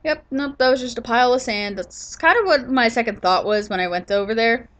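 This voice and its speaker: A woman's voice: a little high, brisk, fairly bright tone. A woman doing a casual voice-over of her own gameplay footage, sleepy and yawning, rambling with lots of fillers and restarts. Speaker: gaming channel host.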